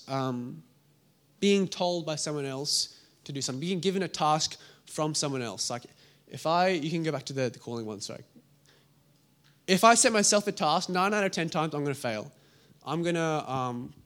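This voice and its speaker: A young man delivers a sermon in a voice pitched a little high. He tells the story vividly, slipping into the voices of its characters. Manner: animated storytelling, acting out voices in asides. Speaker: preacher.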